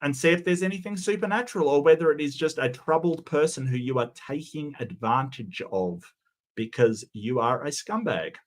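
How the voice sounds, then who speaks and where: A man's voice: fairly high pitch, moderate pace. A man giving sarcastic, mocking reaction commentary, often stumbling and restarting his sentences.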